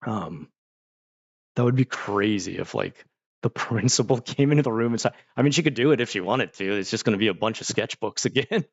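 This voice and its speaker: Gravelly low-voiced man chatting. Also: fairly quick, no echo, lo-fi sound. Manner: rambling, storytelling with lots of fillers. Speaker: streamer. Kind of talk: casual chat with viewers.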